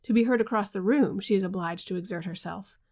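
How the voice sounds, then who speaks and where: A light-hearted young man who teases his friend with wry banter, as a woman reads his lines. The voice has a gravelly, creaky grain. He talks in a bantering way. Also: medium pitch, fast, a little mellow, close to an everyday voice. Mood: teasing.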